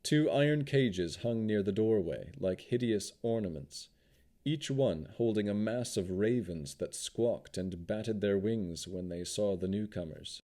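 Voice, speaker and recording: A man narrating a fantasy audiobook with expressive storytelling. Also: lowish voice, a little slow.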